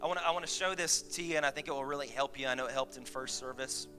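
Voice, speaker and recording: A man's voice: medium pitch, rapid-fire, music in the background. A man preaching a sermon to his church, chatty with laughing asides, building to emphatic points. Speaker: pastor. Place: church sanctuary.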